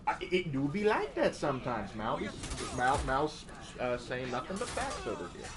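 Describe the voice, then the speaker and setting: Man, co-host, casual gaming chat, rambling, lots of fillers, medium pitch. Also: normal speed. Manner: relaxed, rambling, many fillers.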